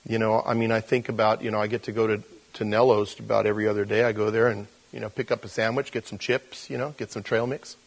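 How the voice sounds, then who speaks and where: A man's voice: lowish voice, little pitch movement, quick pace, creaky, few pauses, husky, poor audio. A man preaching a conversational sermon, casual and loose, with many fillers, acting out the voices of people he quotes. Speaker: pastor.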